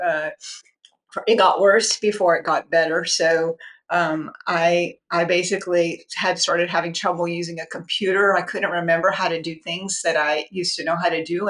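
Podcast guest: woman in her sixties, somewhat low pitch, earnest personal storytelling. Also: a bit bright. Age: 60s. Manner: candid, earnest, with light laughs. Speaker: psychiatrist guest.

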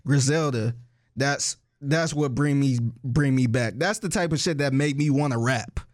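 Relaxed dude cohosting, teasing his buddy, laughs a lot. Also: medium pitch, normal speed. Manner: easygoing, laughs often, teasing. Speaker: podcast co-host. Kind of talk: casual chat.

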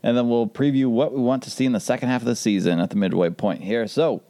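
A man's voice: medium pitch, steady tone, fast talker, dark tone. A man hosting a casual sports podcast, upbeat and joking as he leads the talk. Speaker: podcast host.

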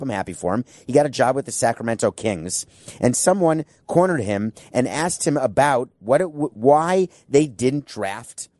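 A man's voice: mid-range voice, a little mellow, dry recording. A man delivers a one-man sports rant in an emphatic, needling tone. He lets sarcasm through while talking to people who are not in the room. The sound is dry and close, with no room around it. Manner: emphatic, sarcastic, addresses absent people directly. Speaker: sports commentator. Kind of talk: opinionated monologue.

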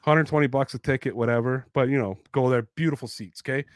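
A man in his thirties telling sports stories in a casual podcast chat, animated and heavy on swearing. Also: medium pitch, fast talker, no echo. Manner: profane, animated storyteller. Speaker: podcast co-host.

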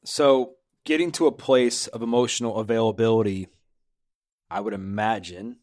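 A male host asking his guest long, exploratory questions that ramble as he thinks aloud. His voice is on the low side. The sound is dry and close. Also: fairly even intonation, moderate pace, darkish tone, no echo. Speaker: interview host. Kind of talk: conversational interview questions.

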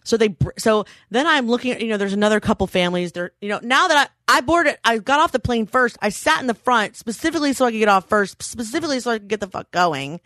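A woman's voice: on the high side, lively intonation, quick pace, hardly any pauses, a bit bright, no room sound, studio quality. A woman in her thirties co-hosting a podcast, telling stories in casual chat and swearing freely. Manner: chatty storyteller, swears freely. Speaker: podcast co-host.

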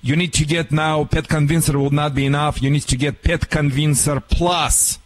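A man with a Russian accent giving animated, theatrical dog-training advice on a radio show in broken English. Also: fairly high pitch, moderate pace.

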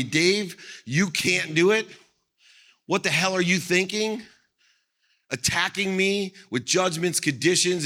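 A middle-aged man delivers a motivational keynote from a stage, his voice bright and forceful. He drives his points home emphatically, circling back on key phrases to hammer them in. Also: on the high side. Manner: emphatic, repeats phrases for effect. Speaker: motivational speaker. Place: on stage at an event.

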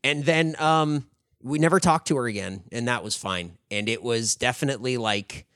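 A thirtysomething male podcast co-host talks at normal speed in a mid-range voice, recorded dry in a clean studio. His casual storytelling chat wanders, leans heavily on "like," and comes with laughs as he animatedly retells events.

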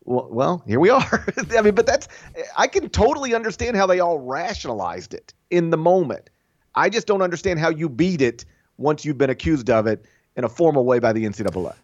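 A man co-hosting a sports podcast in casual chat, opinionated and animated, acting out the voices he quotes. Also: a little high, fairly quick, no echo, highs cut off. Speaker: college basketball podcast co-host.

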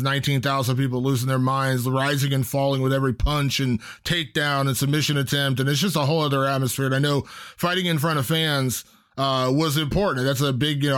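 A man's voice: mid-range voice, fairly bright tone, clear, resonant tone. A man hosting an interview, chatty and enthusiastic, asking leading questions. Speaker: podcast host. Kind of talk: casual interview chat.

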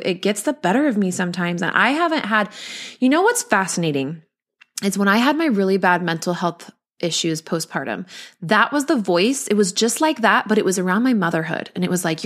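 A woman's voice: medium pitch, lively intonation, brisk. A woman in her thirties hosting a podcast, sharing personal struggles in a candid, rambling way. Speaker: podcast host.

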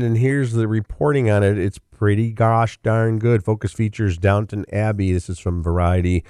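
A man's voice: fairly low pitch, steady tone, moderate pace, few pauses, a little mellow, clear, resonant tone, no room sound, clean studio sound. A middle-aged man hosting a show of casual, opinionated entertainment commentary in a conversational way. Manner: conversational and opinionated, with frequent fillers and restarts.

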